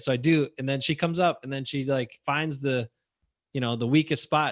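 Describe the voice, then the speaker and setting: A man in his thirties co-hosting a casual podcast, joking and telling animated stories about his kids. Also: mid-range voice, fast. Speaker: podcast co-host. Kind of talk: casual chat.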